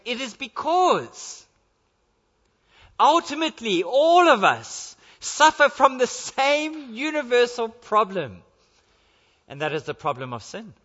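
A man's voice: very high voice, pushed and bright. A male pastor preaching an earnest sermon in a church, driving his points home with repeated rhetorical questions. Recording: dull lo-fi sound with long church reverb.

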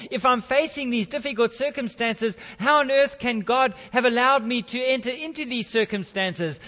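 A man's voice: very high-pitched, pushed and bright, in a large hall, lo-fi sound. A man preaching a sermon and leading prayer, earnest and reflective, with frequent restarts.

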